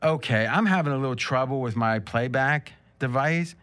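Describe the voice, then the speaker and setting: A man's voice: mid-range voice, normal speed, a bit bright. A man hosting a sports betting podcast, chatty and joking at his own expense. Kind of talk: casual chat.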